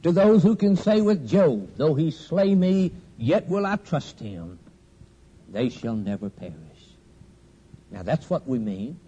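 A man's voice: on the high side, sing-song, a little slow, warm tone, breathy edge, muffled recording. A man preaching a sermon with a cadenced delivery, repeating a falling refrain at the end of each point.

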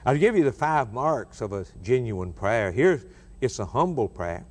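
Male preacher, middle-aged, measured slow delivery, rhetorical questions, swells from hushed lows to loud cries. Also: big pitch swings. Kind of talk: sermon.

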